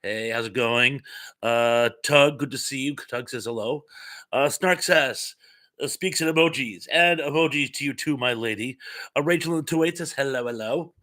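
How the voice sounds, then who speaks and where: A man's voice: medium pitch, moderate pace, pushed and bright. A man hosting a casual live stream, greeting viewers and reading their comments aloud in a rambling, chatty way with many fillers and playful asides. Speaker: livestream host. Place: home room with some echo. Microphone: streaming mic without headphones.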